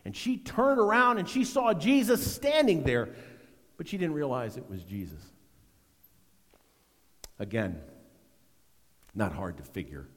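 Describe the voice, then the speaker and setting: New pastor, middle-aged guy, loud then hushed, voice rings in a big hall. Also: fairly high pitch, big pitch swings, a little slow, pauses often. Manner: dramatic swings between loud emphasis and hushed near-whispers. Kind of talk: sermon.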